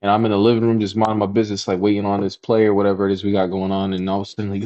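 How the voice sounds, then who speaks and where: A man co-hosting a podcast, telling stories from his youth in casual chat and jumping up in pitch when he acts out reactions. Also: rapid-fire, few pauses. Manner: animated storyteller, jumps high when mimicking reactions. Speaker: podcast co-host.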